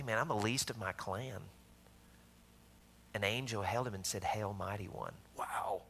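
Southern US pastor, fairly low gravelly voice, animated storytelling sermon. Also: male voice, slight background noise. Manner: storytelling, shifts between loud emphasis and hushed asides.

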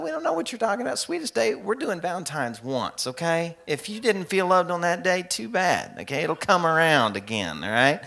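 Bright-voiced joking preacher man. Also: medium pitch. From American South. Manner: conversational and joking, acts out quoted people. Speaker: pastor. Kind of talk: sermon.

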